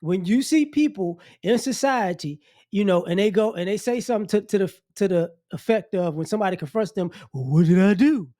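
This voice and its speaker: A man with a high-pitched voice delivering a blunt, scolding opinion rant. He talks straight at his listeners and mocks the people he criticizes. He often circles back and repeats his points for emphasis. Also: a little fast, warm tone, dry recording, clean studio sound. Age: adult. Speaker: commentary channel host.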